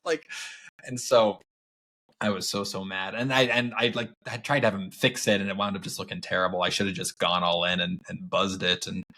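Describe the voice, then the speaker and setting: A man in his thirties co-hosting a podcast, telling stories in an animated way and laughing often. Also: deep voice, brisk. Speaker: podcast co-host. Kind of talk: casual chat.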